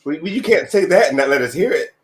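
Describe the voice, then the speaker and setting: A man's voice: a little high, lively intonation, quick pace, a crowd in the background. A man voice actor asking fellow panelists easygoing questions. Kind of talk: casual panel chat.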